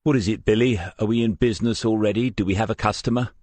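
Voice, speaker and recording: A man's voice: on the low side, fairly even intonation, quick pace, darkish tone, no echo, pitched above the performer's own voice, natural voice. A man reading the part of a weary lay brother and former convict who talks in a dry, blunt, self-mocking way, in an audiobook. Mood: curious.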